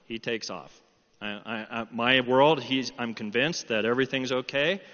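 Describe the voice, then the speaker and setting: A man's voice: mid-range voice, normal speed. A middle-aged man preaching a sermon, telling a personal story and acting out the dialogue. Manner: animated storytelling, quoting dialogue. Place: church hall. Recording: dull sound with long hall reverb.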